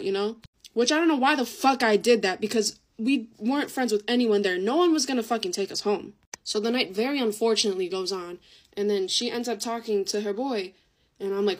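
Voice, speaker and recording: A woman's voice: medium pitch, quick pace. A teenage girl telling a story in a casual, chatty way, swearing often and acting out what people said. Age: teens.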